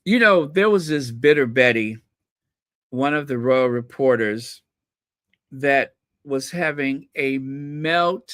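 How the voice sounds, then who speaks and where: A man's voice: mid-range voice, expressive, slow pace, a bit bright, no echo, clean studio sound. A man hosting a casual solo gossip vlog, chatting to viewers in a rambling way and repeating words for emphasis. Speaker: royal gossip channel host.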